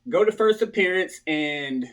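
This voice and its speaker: A man's voice: high-pitched, lively intonation, a little slow, smooth. A man casually telling viewers a story from his past, often asking "right?" and acting out other people's lines. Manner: talks to viewers, repeatedly tags lines with "right?".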